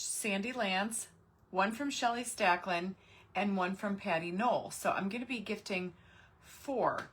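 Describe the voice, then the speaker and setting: A woman's voice: mid-range voice, fairly bright tone, husky. Chatty woman hosting a craft livestream. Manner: chatty, greets viewers by name. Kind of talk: casual live craft stream chat.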